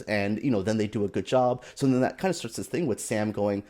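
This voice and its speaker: A man giving a casual, animated and exasperated opinion rant as a film commentator, with sarcastic asides. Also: on the low side, brisk, hardly any pauses.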